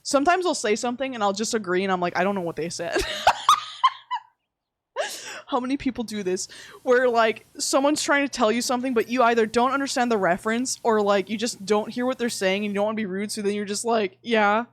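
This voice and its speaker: A woman's voice: fairly high pitch, brisk, no echo. A woman streaming from home, chatting casually while gaming, laughing often and speaking candidly with some swearing.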